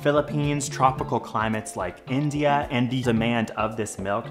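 A man co-hosting a scripted science explainer, reading facts and dropping deadpan, silly quips. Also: medium pitch, moderate pace, over music. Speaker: science video co-host.

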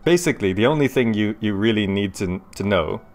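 A man casually commenting as he plays a city-building game, chatty and quick to laugh, recorded on a desk microphone at home. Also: on the low side, expressive, slight background noise. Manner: chatty, laughs often, talks through his thoughts aloud. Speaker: gaming YouTuber. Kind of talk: casual let's-play commentary.

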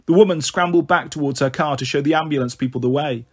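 A man reading a children's novel aloud in a measured, earnest storytelling manner. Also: on the high side. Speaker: audiobook reader. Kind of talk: scripted narration of a children's novel.

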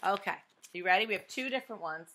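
A young woman with a bright, clear voice reads a picture book to small children. She coaxes them with questions and drops into hushed whispers before each answer. Faint noise sits under the recording. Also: mid-range voice, animated, fast. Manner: questioning, coaxing children to guess; dramatic hushed whispers for suspense. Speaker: teacher reading a picture book aloud. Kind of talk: read-aloud for young children.

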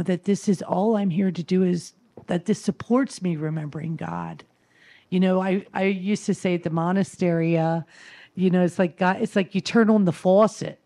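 A woman's voice: lowish voice, mellow. Earnest woman sharing her faith. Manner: rambling, full of "you know" fillers; earnest and tender. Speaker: speaker sharing at a spiritual gathering. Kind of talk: heartfelt spiritual sharing.

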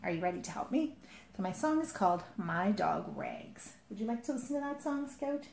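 A woman with a fairly high, mellow voice chats casually to young children, with easy fillers along the way. The room is echoey, with faint ambient noise behind her. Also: very animated, fairly quick, vocal fry. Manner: chatty, with fillers like "like" and "kinda". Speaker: early years educator. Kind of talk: casual talk and singing to children.

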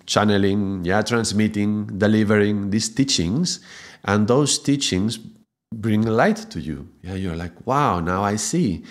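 A man teaching Kundalini Yoga in a gentle spiritual talk, often checking in with "yeah?". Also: low-pitched.

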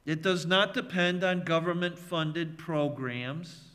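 A man preaching a sermon as pastor, emphatic and measured, leaning on repeated phrases. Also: a little high, fairly bright tone. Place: church sanctuary. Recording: long reverb of a church hall.

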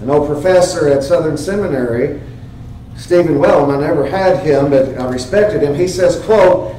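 Man, high-pitched pastor, earnest emphatic sermon, distant mic in a very echoey sanctuary. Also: normal speed, dark tone, a little hiss or hum. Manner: earnest, emphatic preaching with rhetorical questions. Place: church sanctuary. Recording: very echoey church, heard from afar.

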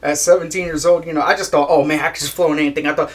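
A man's voice: fairly high pitch, fairly even intonation, racing. A young man chatting casually in an interview, laid-back, swearing a lot and laughing at his own jokes. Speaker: guest musician.

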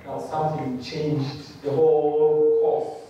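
A man's voice: fairly high pitch, takes it slowly, lo-fi sound, slight background noise. A man from Rwanda, giving a testimony sermon as a guest speaker and acting out the voices in his story. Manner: animated storyteller who acts out quoted voices. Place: church hall. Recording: very echoey hall, mic far off.

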